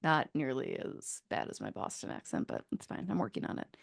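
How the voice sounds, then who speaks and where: A woman's voice: rumbling low, wildly swooping pitch, a little fast, gravelly, no room sound, studio quality. Playful woman hockey podcast host. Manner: playful, joking, laughs often. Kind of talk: casual sports chat. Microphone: studio microphone.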